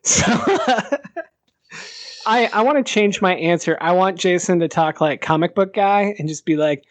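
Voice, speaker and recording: A man's voice: high-pitched, moderate pace, no echo. A man hosting a casual podcast, easygoing and laughing as he talks. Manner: easygoing, laughs while talking. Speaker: podcast host.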